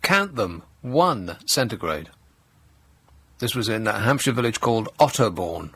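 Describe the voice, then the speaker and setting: Male radio host, dry sarcasm, lively swings in pitch, studio mic. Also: measured pace, breathy edge. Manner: sarcastic, mock-outraged asides while reading news. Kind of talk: comedic talk radio monologue. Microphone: studio microphone.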